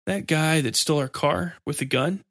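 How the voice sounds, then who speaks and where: A man voicing a guilt-ridden husband who speaks softly and hesitantly. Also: on the high side, moderate pace, dry recording, studio quality, pitched above the performer's own voice. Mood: troubled.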